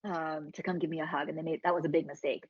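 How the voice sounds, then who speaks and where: A woman's voice: low-pitched, little pitch movement, fast talker, darkish tone, husky, no echo. A woman from Alabama, telling her story frankly as a podcast guest, swearing freely and acting out what people said. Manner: frank, swears freely, acts out quoted dialogue. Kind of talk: candid casual storytelling. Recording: dry, slightly dull sound.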